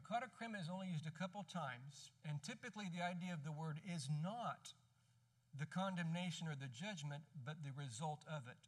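Pastor, male, high bright voice, conversational teacher who restarts phrases, miked from a distance. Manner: conversational teaching with frequent self-corrections. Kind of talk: expository sermon.

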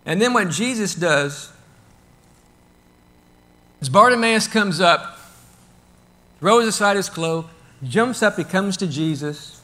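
A man delivering a sermon with a high, bright voice. He talks conversationally, chuckles now and then, and breaks into loud, acted-out shouts for the crowd. His delivery is lively and full of rhetorical questions. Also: takes it slowly, pauses often. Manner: animated, acts out the crowd and shouts with sudden bursts. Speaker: pastor.

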